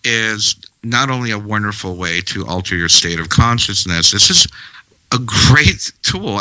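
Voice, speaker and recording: A man with a very low voice delivers a slow, meditative spiritual talk, guiding breath by breath with long pauses. His tone is notably bright and forward. The sound is dry and close, with no room around it. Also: no room sound, low-quality recording. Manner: calm, measured, guiding with pauses. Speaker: spiritual teacher.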